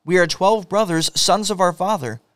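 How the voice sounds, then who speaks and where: A man's voice: sits high, normal speed, a bit bright, no room sound, voice pushed up. Guilty brothers explaining themselves, earnest, read plain by a man, dry close sound. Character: guilt-stricken brothers, adult men.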